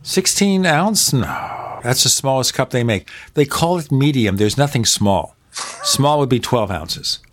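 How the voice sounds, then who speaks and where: A man's voice: mid-range voice, expressive, measured pace. A man hosting a podcast in casual chat, talkative and opinionated, piling up examples. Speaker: podcast host. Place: home in Arizona.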